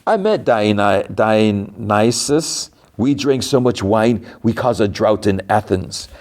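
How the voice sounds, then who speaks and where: A man's voice: fairly low pitch, lively intonation, slow pace, darkish tone. A man voicing an amused, boastful male time-traveling hero, his voice lightly raised.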